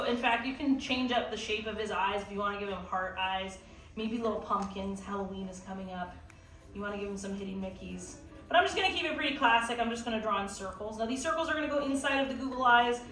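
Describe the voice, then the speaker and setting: A woman's voice: medium pitch, fairly bright tone. A young woman who teaches art, leading a live drawing class, chatty and playful, with lots of fillers. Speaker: art instructor. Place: theme park art classroom with audience. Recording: echoey room from far off.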